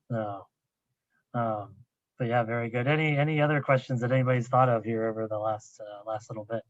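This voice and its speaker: A man moderating a seminar's questions over a video call, halting and full of fillers. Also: medium pitch, fairly even intonation, no echo. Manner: hesitant, halting, many fillers. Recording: dry, dull lo-fi call audio.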